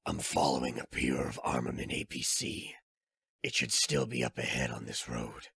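Audiobook role: man doing a grizzled old soldier, very deep and gruff, terse, dry booth sound. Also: moderate pace, sharp tone, no echo, exaggerated voice. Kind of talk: audiobook character reading.

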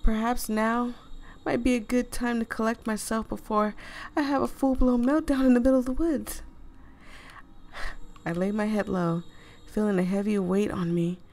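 A woman reading a story game aloud to viewers, animated and expressive, swearing freely and breaking off into laughing asides. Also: a little high, moderate pace, pauses often. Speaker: gaming video creator.

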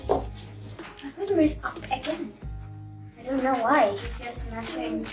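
A high-voiced woman talks through a paper craft at an unhurried pace, chatty and playful, with joking asides. Music plays behind her. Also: expressive, distant mic, rough recording. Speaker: craft tutorial presenter. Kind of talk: casual craft demonstration. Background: background music.

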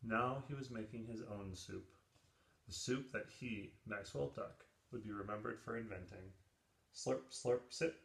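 A man reading a children's picture book aloud in an expressive, lively storytelling manner. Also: lowish voice, moderate pace, gravelly. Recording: roomy echo.

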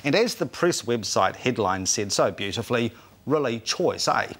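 New Zealand man, chatty panel host, animated delivery. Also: medium pitch, husky. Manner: jovial, chatty, quick quips. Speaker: TV talk show host. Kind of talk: hosting a TV panel. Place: TV studio.

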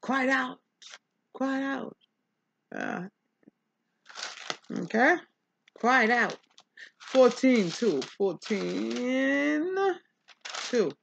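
A woman pastor reading a Bible chapter aloud and explaining it, talking back to the text in an animated preaching manner. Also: on the high side, extremely slow, creaky, pauses often, a little hiss or hum.

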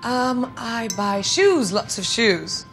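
A woman's voice: a little high, big pitch swings, slow pace, fairly bright tone. Guest: playful, laughing woman in her thirties from India, faint music behind. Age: 30s. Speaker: celebrity guest. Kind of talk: quick-fire interview answers. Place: indoors at home.

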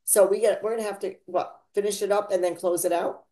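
In a steady, mellow voice at a quick pace, this podcast host leads a laid-back conversation about faith. She drifts from point to point, laughing, with big dramatic swings in pitch and volume.

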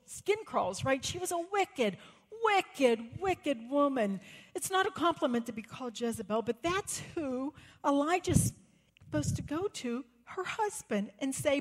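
Delivering a sermon in a reverberant church sanctuary, a woman with a high voice speaks at normal speed. She tells stories and acts out quotes, her excitement building, and the hall's long reverb carries through.

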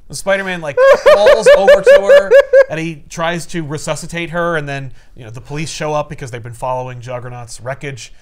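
Male comic podcast co-host, animated and playful, slightly higher pitch. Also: slight background noise. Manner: animated, acts out characters in quick voices. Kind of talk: casual chat recapping a comic.

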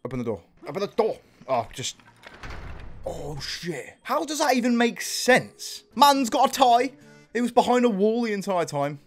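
Young british guy yelling through a game, voice jumps all over the place, a bit high, faint music under it. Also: normal speed. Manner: excitable, swears, calls viewers boys and bro. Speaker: gaming youtuber. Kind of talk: let's play commentary.

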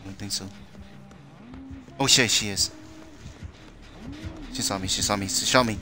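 A man streaming a horror game with live commentary, excitable, swearing and yelling in panic. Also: lowish voice, normal speed. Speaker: gameplay streamer.

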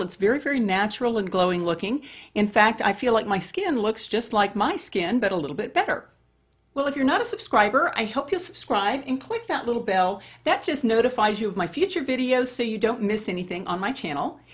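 A woman's voice: on the high side, lively intonation, fairly quick, breathy edge. A woman over fifty chatting her way through a makeup tutorial and talking straight to women viewers. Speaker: beauty vlogger. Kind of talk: casual makeup tutorial chat.

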